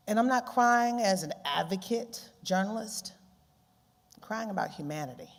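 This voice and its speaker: Low-voiced woman giving a lively speech. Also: moderate pace. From Baltimore, USA. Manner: animated, laughs often, repeats phrases. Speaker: keynote speaker, journalist. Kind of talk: conference speech. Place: large conference hall. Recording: long hall reverb.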